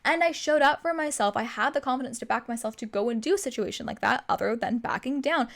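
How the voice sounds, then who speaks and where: A young woman hosting a self-improvement show, giving animated motivational advice and acting out her own inner voice. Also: a little high, fast, creaky. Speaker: self-improvement podcast host.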